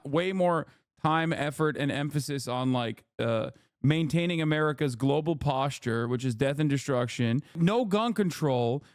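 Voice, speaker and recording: A man's voice: fairly high pitch, dry recording. A man reacting to a video as a streamer, ranting in casual, profane, sarcastic commentary on a close mic.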